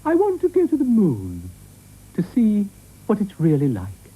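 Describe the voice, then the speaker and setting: A man's voice: high-pitched, huge pitch swings, measured pace, warm tone, breathy edge, voice pushed up, heavily acted, poor audio. A British man voicing a grand, fluttery female cow with a gushing, theatrical manner in a cartoon.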